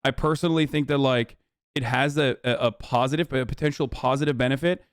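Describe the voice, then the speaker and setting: A man streamer talks in a loose, rambling way, restarting sentences and swearing as he goes. His voice is smooth and resonant. The sound is close and dry with no room echo. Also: mid-range voice, steady tone, brisk. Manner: rambling, profane, many restarts. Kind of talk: casual chat.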